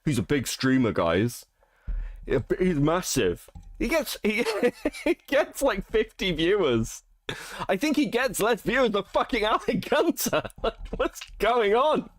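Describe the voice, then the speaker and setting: A man co-hosts a stream in a mocking, sweary tone and breaks into laughter often. His voice rides high and swings widely in pitch. He sounds close and dry. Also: huge pitch swings, unhurried, no room sound. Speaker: stream co-host. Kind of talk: reaction stream commentary.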